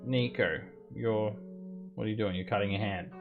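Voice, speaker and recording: A man's voice: fairly low pitch, fairly even intonation, moderate pace, phone-quality sound, faint music behind. A man narrating a tabletop game as dungeon master, describing rooms and ruling on what the players try.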